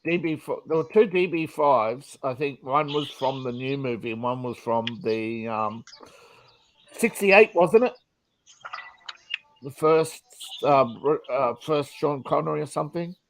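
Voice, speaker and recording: A man's voice: mid-range voice, a little slow, dry recording, low-quality recording. A man co-hosting a casual podcast chat, joking and hesitating with many ums. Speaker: podcast co-host.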